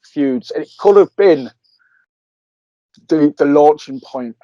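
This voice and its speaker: A man's voice: fairly high pitch, takes it slowly, mellow, dry recording. A man co-hosting a casual podcast chat, rambling and laughing as he retells scenes. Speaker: podcast co-host. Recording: dry, slightly dull remote call audio.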